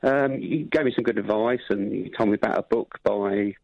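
Hesitant male caller with a gravelly voice. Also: fairly low pitch, no echo, highs cut off. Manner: hesitant, halting. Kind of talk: phone-in call.

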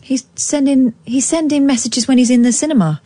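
Female radio sidekick, fast dry quips, low mellow husky voice. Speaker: radio co-host. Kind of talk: late-night talk radio banter.

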